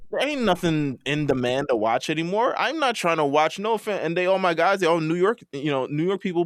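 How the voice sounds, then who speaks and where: A man's voice: a little high, expressive, fairly quick, hardly any pauses, no echo, studio quality. Emphatic man ranting on a podcast. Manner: emphatic, ranting, repeats his point. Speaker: podcast panelist. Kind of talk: casual chat.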